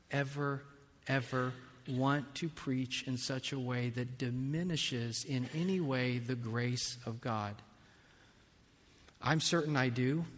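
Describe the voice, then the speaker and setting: A man preaching a sermon as a pastor, slow and measured, building to impassioned stretches. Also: medium pitch. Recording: long reverb of a large hall.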